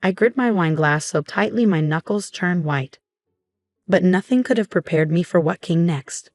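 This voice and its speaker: A woman narrating a first-person story in an even, measured reading voice. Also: fairly low pitch.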